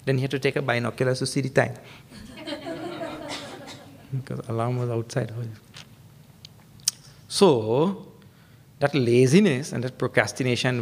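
A man's voice: lively intonation, normal speed, gravelly, pauses often. A man giving a humorous sermon as a spiritual teacher, telling stories and acting out quotes with emphatic stress. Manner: humorous storytelling with acted quotes; emphatic, rising pitch for stress.

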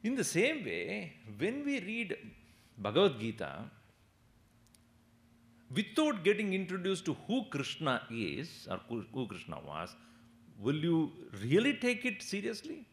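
A man's voice: on the high side, a little slow. A man giving a spiritual discourse, telling stories, chuckling and asking his listeners questions. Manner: animated, chuckling, asks the audience questions. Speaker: spiritual teacher. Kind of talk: discourse with storytelling.

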